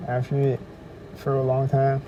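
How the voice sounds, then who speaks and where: A man's voice: mid-range voice, completely flat delivery, normal speed, dark tone, highs cut off. A man telling a rambling, profane story in a casual podcast monologue, recorded outdoors near traffic. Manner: rambling, profane, quotes others in raised voice. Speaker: podcast host.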